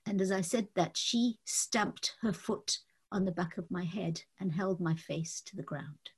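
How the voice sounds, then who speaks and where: A woman earnestly telling a personal faith testimony, reflective and halting with fillers. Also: on the low side, husky. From Indian family. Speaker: testimony speaker.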